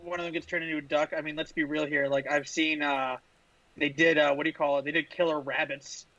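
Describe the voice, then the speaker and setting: A man's voice: fairly high pitch, flat delivery, fairly quick, sharp tone, no echo. A man talking on a podcast over a video call in a laid-back, easygoing way. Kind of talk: casual chat. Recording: dry, slightly dull call audio.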